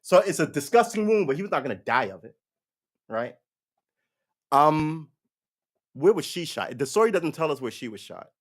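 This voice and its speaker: A man's voice: fairly high pitch, sing-song, moderate pace, long pauses. A man giving a casual, opinionated live-stream monologue on current events, rambling and swearing as he goes. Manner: rambling, profane, mocks others with put-on voices. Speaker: live-stream political commentator.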